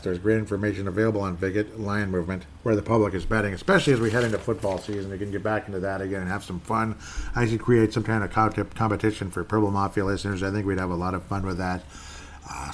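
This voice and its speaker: A man talks alone into his podcast with a somewhat low voice. He rambles along casually and circles back over points he has already made. It sounds easy and unscripted. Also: a little hiss or hum. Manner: rambling, conversational, restarts and repeats himself. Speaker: podcast host. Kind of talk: casual solo podcast talk.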